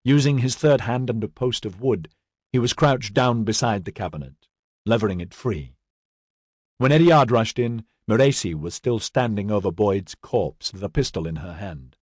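A man reading a fantasy story aloud as audiobook narrator, in a measured, steady way. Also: fairly low pitch, breathy edge, no echo, clean studio sound. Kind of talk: scripted narration.

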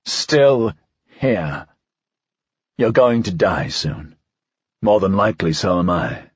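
A man voicing a bitter, defiant conspirator near death, his words slurred and slow in an audiobook reading. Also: low-pitched, very animated, husky, dry recording, lo-fi sound, full character voice. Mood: contemptuous. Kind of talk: audiobook character voice.

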